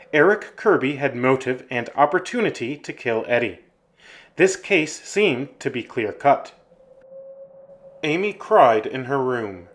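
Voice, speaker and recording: A man narrating a scripted horror story in a measured, ominous way. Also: medium pitch, a bit bright.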